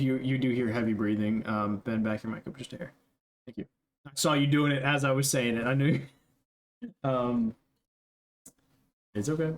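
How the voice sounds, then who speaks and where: A young man narrating as game master, casual and rambling, with many fillers. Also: medium pitch.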